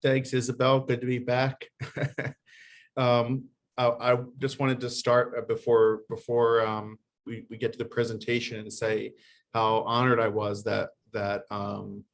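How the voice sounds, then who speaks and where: Club president running a meeting; halting, filler-heavy delivery over faint background noise. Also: male voice, mid-range voice, monotone. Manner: halting, many fillers and restarts. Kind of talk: meeting chair's announcements.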